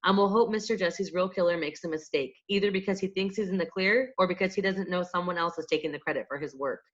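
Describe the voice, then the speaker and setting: A woman reading a measured small-town detective. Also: fairly low pitch, lightly acted. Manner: measured, dry. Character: calm, steady male small-town detective. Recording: dull lo-fi audiobook recording.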